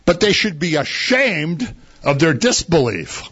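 A man's voice: fairly high pitch, big pitch swings, measured pace, fairly bright tone, slightly rough, muffled recording. A man preaching a sermon in a conversational way, asking his listeners rhetorical questions.

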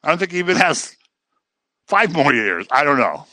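Animated man teaching a Bible study. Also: moderate pace, dry recording. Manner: conversational, repeats phrases for emphasis; acts out quoted voices in a low mocking tone.

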